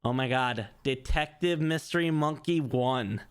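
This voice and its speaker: A man's voice: medium pitch, unhurried. A man playing a video game, commenting playfully and reading its text aloud. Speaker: game player.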